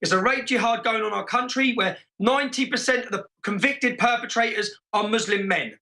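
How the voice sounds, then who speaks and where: Man, very high voice, bright and forceful, emphatic speech, stumbling restarts. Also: brisk. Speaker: guest in a played clip. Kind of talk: impassioned political speech.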